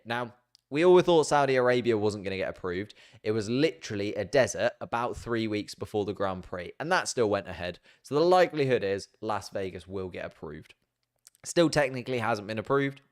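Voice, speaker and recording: A man hosting a casual, chatty explainer video, jokey and self-mocking as he banters. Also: lowish voice. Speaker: YouTube host.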